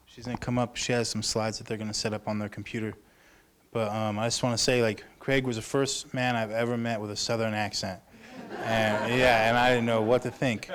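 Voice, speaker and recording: A man's voice: lowish voice, brisk. Laughing young man telling a story. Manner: laughing, animated, self-deprecating. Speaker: panel moderator. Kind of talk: casual storytelling at a symposium.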